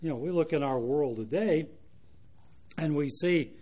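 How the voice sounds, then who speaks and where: A man preaching an expository Bible sermon in an earnest, measured way, reading out verses and explaining them. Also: on the high side, warm tone, breathy edge. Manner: earnest, measured, with frequent restarts and asides.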